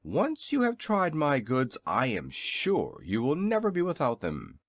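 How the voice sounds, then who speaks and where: A man's voice: medium pitch, wildly swooping pitch, a little slow, dry recording, studio quality, pitched above the performer's own voice. A man voicing a very old, polite male inventor in a storybook reading, with a courtly, eager manner.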